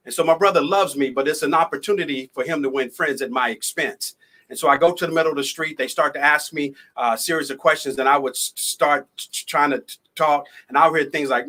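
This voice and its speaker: A man speaking as a motivational speaker, telling a personal story live in a conversational, lively way over a video call. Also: fairly high pitch, quick pace.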